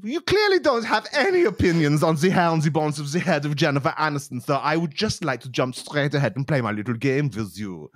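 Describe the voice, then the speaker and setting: A man putting on the voice of a silly, excitable male news pundit who rambles in babyish talk. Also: on the high side, fairly quick, hardly any pauses, voice pushed up. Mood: excited.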